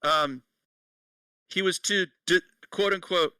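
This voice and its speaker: Bright-voiced man on a headset. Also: fairly high pitch, measured pace, dry recording, recorded from a distance, rough recording. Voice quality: bright, laughing, profane. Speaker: podcast co-host. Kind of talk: casual podcast chat.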